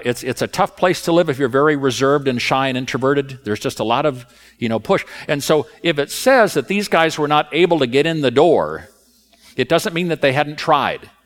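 A male preacher tells his story in an easy, conversational way, his pitch swinging up and down with lively emphasis. The voice sits in the middle of the male range and sounds animated throughout. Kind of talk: sermon.

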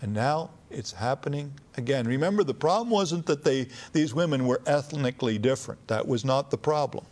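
A man's voice: medium pitch, expressive, fairly quick, few pauses, a little mellow. A man preaching a sermon in a conversational teaching manner, reading scripture aloud with rising emphasis.

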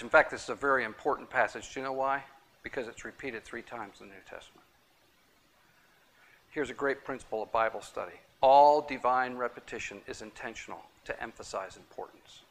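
A man's voice: mid-range voice, a bit bright. A man teaching a Bible study class, emphatic and repeating his key points, taking questions from the room.

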